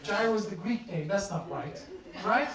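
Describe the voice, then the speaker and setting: A man from Turkey does stand-up, teasing the audience with mock-serious questions in a dry, deadpan manner. He sits far from the mic in an echoey club. A lively crowd laughs throughout. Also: high-pitched, normal speed. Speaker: stand-up comedian. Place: comedy club stage before a laughing crowd. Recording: roomy live recording from a distance, crowd audible.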